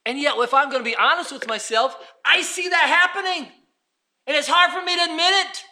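Man, preacher, sermon, swings from whispers to shouts, high voice. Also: a little fast. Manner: swings from hushed asides to shouted emphasis.

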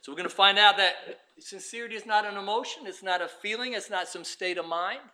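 A man preaching a sermon with passion, swinging from shouted bursts to hushed, quiet stretches. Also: high voice, fast talker.

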